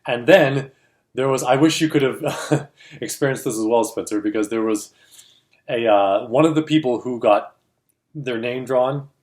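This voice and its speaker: A man's voice: medium pitch, a little slow, a little mellow. A man co-hosting a film industry chat, telling a story casually and animatedly, acting out the voices he quotes and laughing often. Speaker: co-host of a film industry show.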